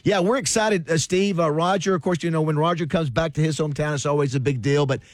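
A man's voice: a little high, quick pace, no echo. A man hosting a casual morning radio chat, chatty and often repeating words as he goes. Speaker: radio show host.

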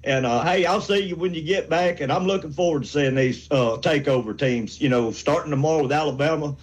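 A man's voice: on the high side, fairly quick, low-quality recording. Fired-up man in his sixties. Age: 60s. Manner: fired-up, rambling, folksy. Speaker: caller. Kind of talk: sports call-in rant.

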